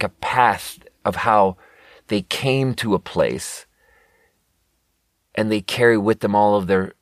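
A man's voice: fairly low pitch, no room sound, clean studio sound. A man, hosting a podcast in a rambling, profane casual monologue. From Sweden. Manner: rambling, profane, self-correcting. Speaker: podcast host.

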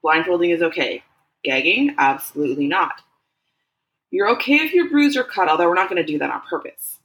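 A woman voicing a direct young man who methodically questions the others, in a slightly low voice. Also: animated, fairly quick, a bit bright, muffled recording. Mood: measured.

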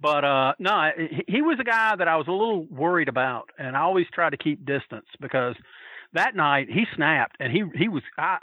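A man telling wild anecdotes in a casual, profane, animated way, acting out other people's voices and laughing as he goes. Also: fairly high pitch, no echo, narrow, tinny audio. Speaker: storyteller guest.

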